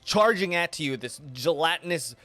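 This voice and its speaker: A man's voice: a little high, lively intonation, moderate pace, sharp tone, dry recording. A man narrating a tabletop game as game master, describing scenes with many restarts and repeated words.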